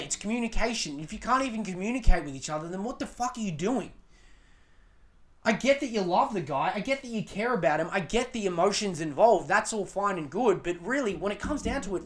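A man's voice: high-pitched, fairly bright tone. A man hosting a podcast, giving relationship advice in a blunt, profane, emphatic rant. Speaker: podcast host.

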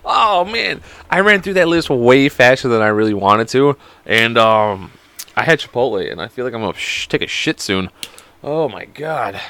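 A man's voice: medium pitch, sing-song, normal speed, sharp tone, dry recording. A young man hosting a casual solo podcast, joking around, rambling and swearing a lot. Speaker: podcast host.

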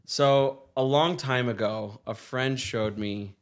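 A man's voice: mid-range voice, takes it slowly. A young American man hosting a casual podcast chat, rambling with many fillers, swearing and laughing often. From United States. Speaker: podcast host.

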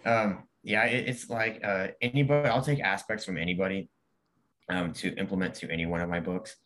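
A teenage boy talks casually as an interview guest. His voice sits a little low for his age, and he speaks animatedly, often putting on the voices of people in his stories. He laughs readily as he goes. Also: steady tone, brisk. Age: late teens. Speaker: guest, young author.

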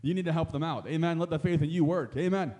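A pastor preaches a sermon in a conversational style, with frequent amens and asides, building to emphatic exhortation. His voice is a little high and mellow, and he speaks fast.

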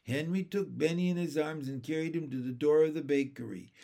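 A man reading a children's chapter book aloud in a gentle storytelling manner. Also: on the high side, a little fast, creaky. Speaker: narrator. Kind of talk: audiobook narration of a children's book.

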